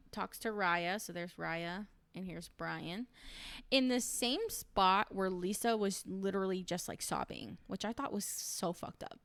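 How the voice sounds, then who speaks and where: A woman's voice: mid-range voice, fairly bright tone, clean tone, dry recording. A woman recapping a reality show in casual, opinionated chat, full of "like" and "um". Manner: chatty and opinionated, lots of "like" and "um".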